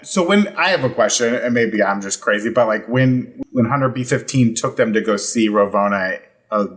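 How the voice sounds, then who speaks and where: A man co-hosting a casual panel chat, jokey and chatty with animated asides. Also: fairly low pitch, moderate pace. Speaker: co-host.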